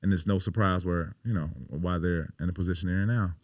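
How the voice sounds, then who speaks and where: This low-pitched man, a pro basketball player in his thirties, is a podcast guest trading casual interview stories full of swearing, emphasis and "you know" fillers. He keeps a steady tone at a quick pace, sounding a little mellow, and there's no room sound at all.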